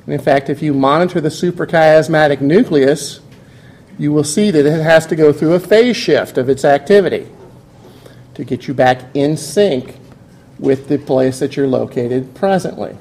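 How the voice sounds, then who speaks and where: A man's voice: on the high side, moderate pace, darkish tone. A man giving a classroom lecture, explaining step by step and putting questions to his students.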